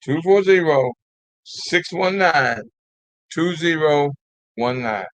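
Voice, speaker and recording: A man's voice: fairly high pitch, animated, slow pace, a bit bright, rough recording. An older man hosting a live call-in talk show, exhorting his listeners in a repetitive, folksy way and calling them "y'all.".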